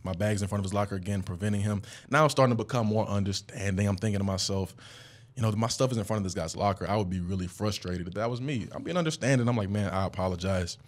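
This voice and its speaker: A young man hosting a podcast, telling a story in a casual, animated way and leaping up in pitch when he acts out quotes. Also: quick pace. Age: young adult. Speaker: podcast host. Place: studio.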